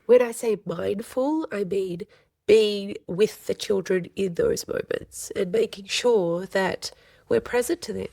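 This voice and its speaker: A woman's voice: medium pitch, unhurried, creaky, mellow, dry recording. A woman, a counselor speaking earnestly in a podcast interview and often voicing quoted speech. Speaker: family and child counselor, guest. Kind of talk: podcast interview, casual advice.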